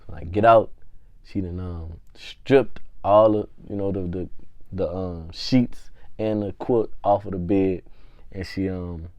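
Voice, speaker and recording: A man vlogging a casual storytime in slangy, animated speech that swings from hushed to loud. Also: deep voice, slow, no echo.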